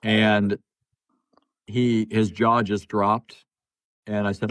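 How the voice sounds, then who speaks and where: On a phone video call, a guest speaker tells a story in casual conversation, chatting away, repeating words and acting out the other person's lines. His voice is fairly low and resonant, a bit bright and clear, with a flat delivery and a very slow pace.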